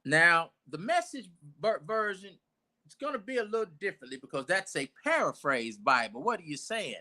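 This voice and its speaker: A man gives a loose, conversational sermon. His voice is bright and a little high, and his pitch swings widely as he builds emphasis. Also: sing-song, moderate pace. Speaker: preacher. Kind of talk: informal sermon teaching. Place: church.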